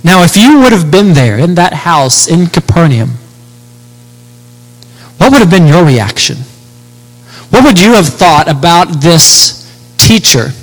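A man preaching a sermon, expounding scripture with rhetorical questions and slowing down to stress key words. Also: on the high side, very animated. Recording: long hall reverb.

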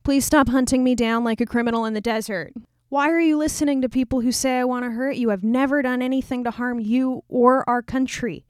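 A woman voices an exasperated young male warrior-king who pleads in casual modern slang. Her high voice is clear and resonant, steady and a little fast, pitched above her natural voice yet close to an everyday sound. The recording is dry and clean, studio quality.

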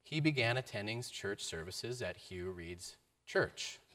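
A man giving a sermon, telling a story with varied emphasis and a mid-pitched voice. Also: lively intonation, a little slow, a bit bright. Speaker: preacher.

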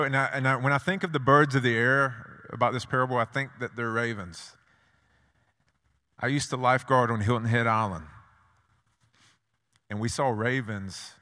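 A man preaches in a bright, forceful voice at a middle pitch, each phrase trailing off into a long reverb filling the church sanctuary. His sermon mixes stories with rhetorical questions and insistent repetition.

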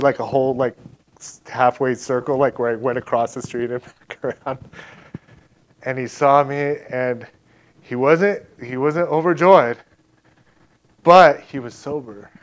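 A man telling a personal faith testimony in a casual, chatty way, full of "like" and "right?" and acting out what others said. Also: medium pitch. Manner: acts out others' lines in quick back-and-forth. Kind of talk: casual spoken storytelling.

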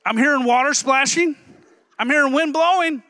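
A man pastor preaching a sermon in a lively, humorous way, joking with the congregation between points. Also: very high-pitched, moderate pace, no echo.

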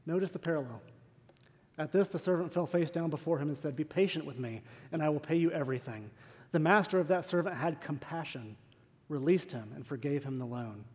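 Speaking fairly quickly in a slightly high, darkish voice, a man delivers an emphatic, earnest sermon and asks the congregation rhetorical questions. His words echo with long reverb through the church sanctuary.

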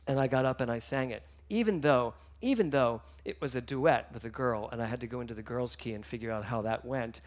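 A man giving a sermon, telling stories with emotion, moving between hushed and loud passages. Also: mid-range voice, fairly quick, few pauses. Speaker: minister.

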